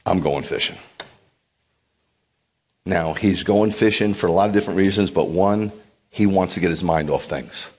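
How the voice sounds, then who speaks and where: A middle-aged rabbi with a low voice preaches to his congregation. He retells the story with drama, acting out the people in it, sometimes loud and sometimes hushed. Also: fairly quick. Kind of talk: sermon.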